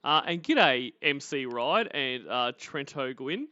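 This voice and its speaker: A man's voice: medium pitch, sing-song, slow, pushed and bright, no room sound. Australian man, stream host, rambling, mocking, dry muffled recording. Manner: rambling, mocking, swears freely. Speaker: livestream host. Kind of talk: casual commentary. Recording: dry, slightly muffled audio.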